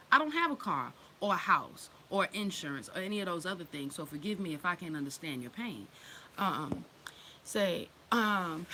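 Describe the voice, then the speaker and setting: A woman talks straight into the mic in a loose, unscripted monologue, blunt and full of swearing. Her voice is bright, with a slight edge to it. She laughs easily and slips into other people's voices as she tells things. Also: lowish voice, expressive, moderate pace, slight background noise, rough recording. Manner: blunt and profane, laughs often, acts out quoted voices. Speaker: host.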